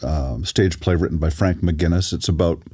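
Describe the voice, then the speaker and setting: A man, an actor and audiobook narrator, telling relaxed stories as a guest in a casual interview. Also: sits low, normal speed, breathy edge. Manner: relaxed anecdotal storytelling with fillers.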